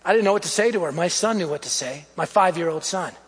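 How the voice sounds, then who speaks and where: A man's voice: high-pitched, quick pace. A man preaching a sermon, telling stories and urging his listeners with punchy lists. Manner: storytelling, exhorting, punchy lists. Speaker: pastor. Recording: echoey hall.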